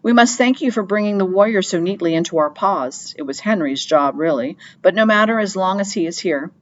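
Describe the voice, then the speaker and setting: A woman reading an audiobook, voicing a scornful male rat king who speaks low. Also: expressive, a little fast, muffled recording, natural voice.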